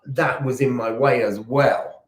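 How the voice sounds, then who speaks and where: A man's voice: mid-range voice, fairly even intonation, unhurried. A man co-hosting a casual spiritual livestream chat, affectionately greeting viewers as darling. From England. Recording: echoey room.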